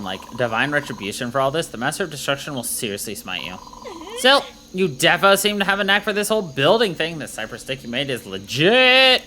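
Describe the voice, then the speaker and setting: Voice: medium pitch, pushed and bright, a little hiss or hum. A streamer voicing a brash young female soldier with bubbly valley-girl slang, reading game dialogue aloud.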